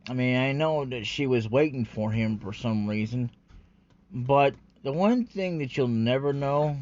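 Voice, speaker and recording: Male vlogger, mid-pitched, rambling profane rant, muffled lo-fi sound. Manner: profane, rambling, full of fillers and restarts. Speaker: anime commentary vlogger. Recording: dull lo-fi recording.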